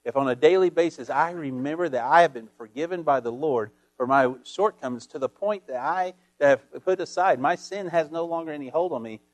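A man's voice: fairly high pitch, dry recording. A male pastor preaching a sermon, reading scripture and telling folksy stories with frequent calls of "Amen?".

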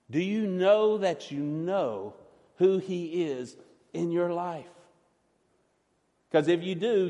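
Male pastor preaching a sermon, fairly high voice, earnest, loud then soft, church reverb.

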